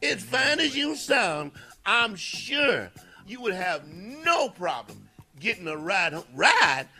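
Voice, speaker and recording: A high-voiced man on a morning radio show jokes and teases, his pitch leaping all over the place. His voice is bright and sharp. His manner is playful and his delivery full of comic emphasis. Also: big pitch swings, slow, faint music behind. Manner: playful and teasing, swooping into mock voices. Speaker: radio co-host. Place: radio studio. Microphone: studio microphone.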